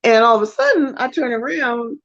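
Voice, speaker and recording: Animated woman telling a story. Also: a little high, brisk, dry recording, muffled recording. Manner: animated storyteller, acts out voices in quotes. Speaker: co-host. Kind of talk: casual storytelling chat.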